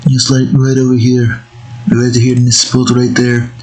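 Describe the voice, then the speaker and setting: A man's voice: medium pitch, monotone, a little slow, a little mellow, poor audio. Man rambling while he draws. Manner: rambling, muttering to himself. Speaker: digital artist. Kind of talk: casual narration while drawing.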